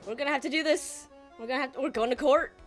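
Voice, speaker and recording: A woman's voice: sits high, fast, soft background music. Playful young woman streaming a game. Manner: playful, chatty. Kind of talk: casual let's play commentary.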